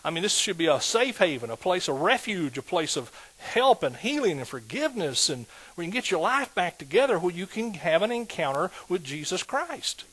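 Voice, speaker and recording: Male pastor, husky, slightly high voice, emphatic sermon delivery. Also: sing-song, normal speed, hardly any pauses, poor audio. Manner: emphatic, rising to loud exhortation.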